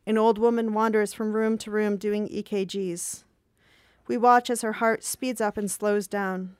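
A woman in her thirties reading her own diary entries aloud in a calm, measured, reflective way. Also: mid-range voice, clean tone, no echo, clean studio sound. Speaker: reader of her own journal.

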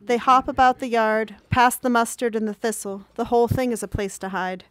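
Woman in her 30s, somewhat high and smooth voice, dry close sound; measured, reflective literary reading of her journal. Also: fairly even intonation, dry recording. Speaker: reader of her own journal. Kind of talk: literary reading of diary entries.

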